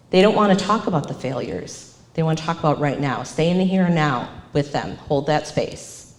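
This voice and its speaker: A woman's voice: sits low, normal speed, a little hiss or hum. A woman counselor giving a live presentation, acting out the phrases she quotes. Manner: animated, acts out quoted phrases. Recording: echoey room.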